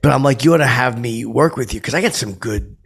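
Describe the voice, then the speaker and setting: A man's voice: medium pitch, quick pace, gravelly, breathy edge. A man playing a clueless, boastful washed-up stand-up comic who rambles and stumbles through his story with many fillers. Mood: rambling. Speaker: character comedian telling a story. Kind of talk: improvised comic monologue.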